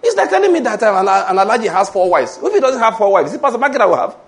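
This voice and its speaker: Very fast and high-voiced, this male pastor with a Nigerian English accent preaches with great animation. Rhetorical questions and calls for amen give his sermon a call-and-response feel.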